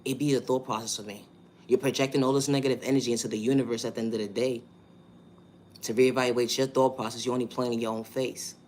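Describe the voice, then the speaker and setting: A man's voice: medium pitch, little pitch movement, fast talker, a little mellow, slight background noise. A man with a New York accent, talking through a monologue vlog in an emphatic, repetitive way and asking rhetorical questions.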